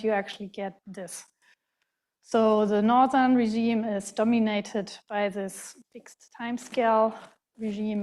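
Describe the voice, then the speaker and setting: A woman with a German accent gives an academic lecture in a large hall. Her voice sits a little high, and her delivery is careful and halting, full of fillers and restarted words. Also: darkish tone.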